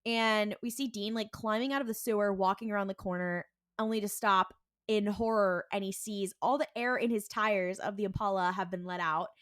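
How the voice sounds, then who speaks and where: A woman's voice: mid-range voice, no echo, studio quality. Woman animatedly retelling a TV episode. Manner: animated retelling, acting out lines in quick character voices; heavy use of "like" and "and he's like". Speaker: podcast co-host. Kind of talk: casual episode recap.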